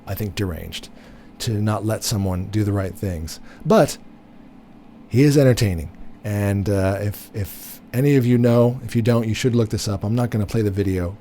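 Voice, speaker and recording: A man's voice: lowish voice, warm tone, slight background noise. A man giving blunt, opinionated political commentary, repeating himself with many fillers and restarts. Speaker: commentary host.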